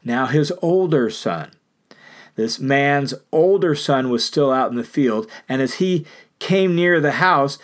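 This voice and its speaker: A man's voice: mid-range voice, animated, takes it slowly. A man preaching a sermon, retelling a parable in an earnest storytelling manner with emphatic repetition. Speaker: pastor.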